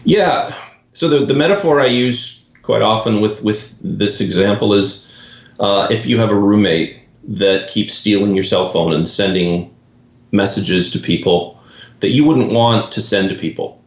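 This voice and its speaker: A man with a lowish voice explains his idea patiently to an interviewer, leaning on a metaphor and restarting his phrases. His audio is dull and lo-fi, with a roomy echo around it. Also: unhurried. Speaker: guest.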